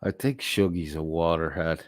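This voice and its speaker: A man's voice: rumbling low, normal speed, no room sound, clean studio sound. A man hosting a late-night livestream, reading chat messages aloud and responding in a blunt, profane, sarcastic way.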